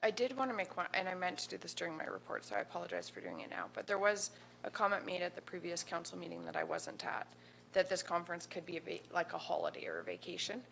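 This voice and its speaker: A woman councillor speaks quickly in a bright voice with a gravelly rasp. She is earnest and emotional as she makes a personal statement at a council meeting. A faint hum lies under her voice. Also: fairly low pitch, big pitch swings, low-quality recording. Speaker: county councillor.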